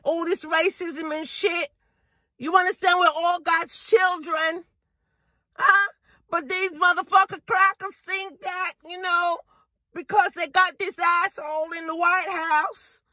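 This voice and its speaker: Woman acting as a furious caller, high-pitched, slow-spoken, profane, indignant, dry close sound. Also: sharp tone, dry recording, heavily acted. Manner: indignant, profane, ranting on the phone. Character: fed-up working woman, loud and profane. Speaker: caller venting to a friend. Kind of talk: low-budget drama monologue.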